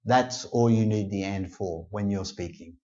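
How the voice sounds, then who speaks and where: A man teaching English grammar in a casual spoken lesson, slow and deliberate, with many pauses and fillers. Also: on the low side, a little mellow. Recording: slightly dull, lo-fi sound.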